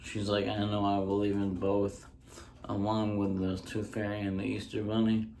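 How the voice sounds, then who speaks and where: A man doing a casual home-recorded ASMR stand-up bit, rambling through deadpan jokes with frequent ums, close on a handheld mic. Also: lowish voice, normal speed, creaky. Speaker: stand-up comedian. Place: indoors at home.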